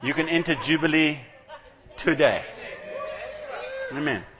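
A man's voice: on the high side, expressive, measured pace, crowd noise. A man preaching a sermon in a conversational, storytelling way, acting out the voices of the people he quotes. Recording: long hall reverb.

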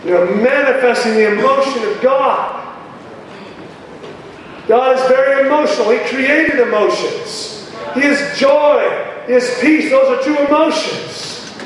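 A man preaching an emphatic, animated sermon to a congregation. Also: very high-pitched, a little slow, slight background noise. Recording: echoey hall from far off.

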